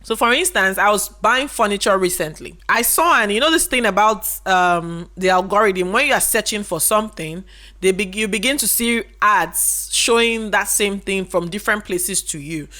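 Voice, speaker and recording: A woman's voice: medium pitch, moderate pace, pushed and bright. A woman, giving a casual business lesson and explaining through rhetorical questions. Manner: repeats key points for emphasis. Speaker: business educator. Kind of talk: casual instructional talk to camera.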